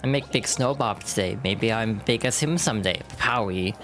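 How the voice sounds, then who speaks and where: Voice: mid-range voice, moderate pace, a bit bright, faint music behind, natural voice. A streamer voicing Bob-omb townsfolk from a video game with a put-on foreign accent and clipped, broken grammar, reading the dialogue aloud. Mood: cheerful.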